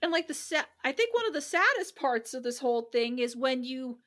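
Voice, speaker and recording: A woman's voice: high voice, sing-song, brisk, fairly bright tone. A woman co-hosting a podcast in casual chat, talking emotionally with many "like"s. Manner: chatty, emotional, lots of "like". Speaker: podcast co-host.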